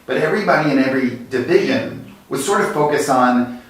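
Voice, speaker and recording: A man shares workplace stories as an interview guest, with a middling pitch and quick, lively bursts of speech. His voice is picked up from a distance and bounces around a very echoey room. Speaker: guest, design executive. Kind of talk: conversational storytelling.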